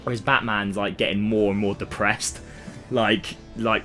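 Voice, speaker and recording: A young man chatting on a casual podcast, retelling a comic plot with lively acted-out voices. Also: on the low side, moderate pace, few pauses. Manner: animated storytelling, acts out characters' lines. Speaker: podcast co-host. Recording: music playing behind.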